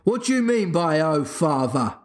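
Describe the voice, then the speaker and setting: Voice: medium pitch, sing-song, unhurried, darkish tone, breathy edge, pitched above the performer's own voice. A podcast reader voicing a blustering, childish father who sulks and bickers. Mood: petulant. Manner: huffy and childish. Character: blustering, petulant grown father.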